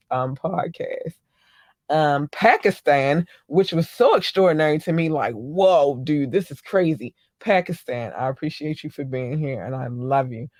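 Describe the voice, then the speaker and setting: A woman's voice: sits low, no room sound, clean studio sound. A woman hosting her own podcast in a casual solo chat, gushing thanks and love to her listeners with lots of ums and slang. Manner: effusive, gushing shout-outs to listeners; chatty with frequent ums and slang. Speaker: podcast host.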